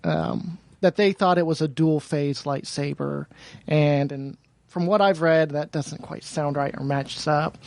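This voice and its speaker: A man's voice: on the high side, steady tone, a little slow, creaky, a little mellow, no room sound. A man appearing as a podcast guest, explaining his views thoughtfully with small hesitations. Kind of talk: casual podcast chat.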